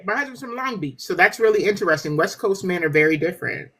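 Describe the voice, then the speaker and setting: Woman, guest author, husky, very lively pitch, animated storytelling, casual podcast chat. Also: fast. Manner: animated storyteller, laughs often.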